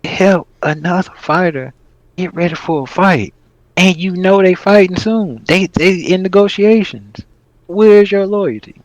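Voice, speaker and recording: A man's voice: high-pitched, unhurried, no room sound, muffled recording. A man co-hosting a casual podcast, ranting in a heated, profane, rambling way. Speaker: podcast host.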